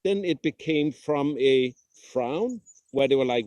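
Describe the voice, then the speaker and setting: A man, a traveling father, answering thoughtfully in a casual interview, pausing often with "uh". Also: a little high, animated, darkish tone, no echo. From Denmark. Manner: reflective, halting with frequent "uh".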